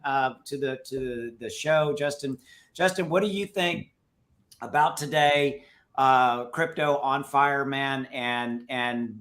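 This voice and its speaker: Bright-voiced joking livestream host, a man. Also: fairly high pitch. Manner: loose, joking, filler-heavy. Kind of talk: casual live crypto chat.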